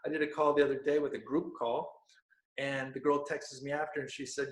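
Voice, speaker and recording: Man, podcast guest, animated storyteller, laughs a lot, hushed quoting, middle pitch, echoey room. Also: brisk. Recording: roomy echo.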